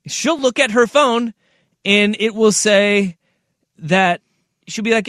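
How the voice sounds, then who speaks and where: A male radio host chatting casually, animated and playful, rambling through stories. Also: high-pitched, measured pace, long pauses, no room sound, studio quality.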